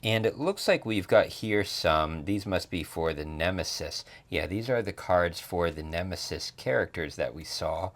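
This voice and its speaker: A man talks through a board game unboxing in a casual, joking way. His voice is fairly low, and his pitch jumps around a lot. He makes playful asides as he works. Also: lively intonation, a little slow, few pauses. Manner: playful, jokey commentary.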